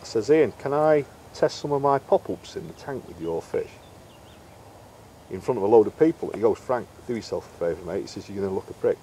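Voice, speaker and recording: A middle-aged man spins a long, chatty anecdote, slipping into the voices of the people he quotes. His voice sits a little low. Faint background noise runs under the recording. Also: expressive, brisk, dark tone. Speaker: interview guest, carp angler and bait maker. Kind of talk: casual storytelling interview.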